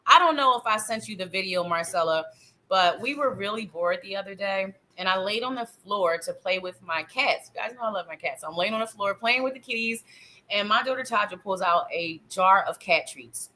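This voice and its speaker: Bright, chatty woman doing tarot readings. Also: medium pitch, fairly quick, a little hiss or hum, rough recording. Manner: chatty, playful, talks straight to the viewer; laughs often. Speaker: psychic reader hosting a live show. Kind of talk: live tarot reading chat.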